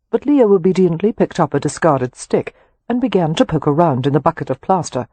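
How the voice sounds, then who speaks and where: A male audiobook narrator with a husky, somewhat high voice reads in a measured, even way. The recording is close and dry, with no room around him. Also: no echo. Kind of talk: scripted narration.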